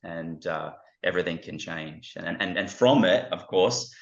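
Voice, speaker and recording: A man's voice: low voice, unhurried. A man speaking as an interview guest, talking earnestly and reflectively with many restarts, recorded with a dull, roomy sound. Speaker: guest, ministry founder.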